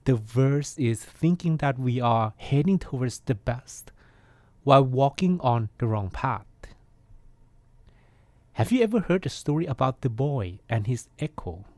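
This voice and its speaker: A man, a Buddhist monk, hosting a podcast and giving a calm, reflective meditation talk. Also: medium pitch, measured pace, dry recording.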